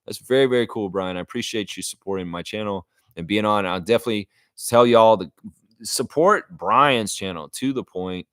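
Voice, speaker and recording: A man hosting a casual sports livestream, reading chat and breaking into animated, profane rants. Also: on the low side, moderate pace, clean tone, dry recording, clean studio sound. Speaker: livestream host.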